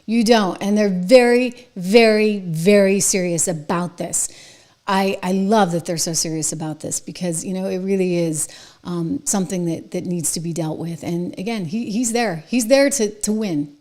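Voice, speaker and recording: A woman hosting an opinion commentary show, talking emphatically and excitably in a chatty way. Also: on the low side, normal speed. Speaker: show host.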